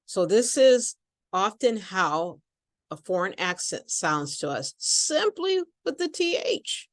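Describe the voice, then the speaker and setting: Slow, carefully enunciating woman teacher. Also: medium pitch, big pitch swings, dry recording, studio quality. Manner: slow, deliberate over-enunciation. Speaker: accent and pronunciation teacher. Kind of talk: pronunciation lesson with repeat-after-me drills.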